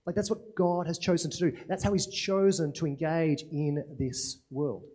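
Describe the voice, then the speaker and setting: A man's voice: a little high, normal speed, darkish tone. A man preaching a sermon in a conversational way, often asking rhetorical questions and checking in with "right?".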